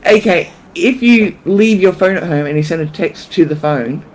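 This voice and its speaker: A woman co-hosting a casual chat, telling stories with animated delivery and frequent laughter. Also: on the low side, normal speed, a little hiss or hum. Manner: animated storyteller, laughs often. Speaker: co-host.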